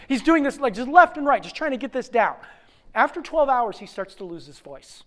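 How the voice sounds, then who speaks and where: A preacher delivering a sermon as an animated storyteller. The voice drops low and soft for reflection, then climbs loud and fast as the story heats up. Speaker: pastor.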